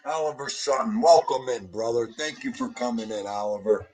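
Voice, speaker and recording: A man's voice: medium pitch, normal speed, a little mellow, faint music behind, low-quality recording. A middle-aged man hosting a livestream, grieving and tearful as he greets viewers by name in a heartfelt way. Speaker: livestream host.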